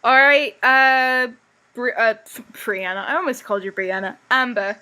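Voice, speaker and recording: A young woman hosts a casual fan podcast from her computer mic on a video call. Her voice is bright and a little high. She runs things briskly and cracks crude, teasing jokes. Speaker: podcast host. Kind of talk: casual chat.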